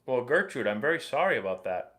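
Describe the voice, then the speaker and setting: Easygoing guy in his 30s, chatting through viewer questions on a live stream, mid pitch. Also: fast. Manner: relaxed, chatty, reads viewer questions aloud. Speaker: livestream host and former pro baseball player. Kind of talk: casual live Q&A chat.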